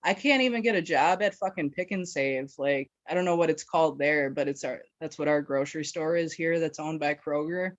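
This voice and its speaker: Speaking a little fast with few pauses and no echo, a low-voiced Wisconsin woman guesting on a podcast tells a casual story. It's rambling and profane, peppered with laughs and fillers, on a dull, dry lo-fi recording.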